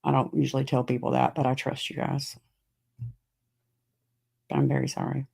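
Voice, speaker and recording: Woman, middle-aged, gravelly fry, podcast host, casual live chat, answers viewer comments. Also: a bass voice, level tone, normal speed, darkish tone. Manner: chatty, answers viewer comments, frequent fillers.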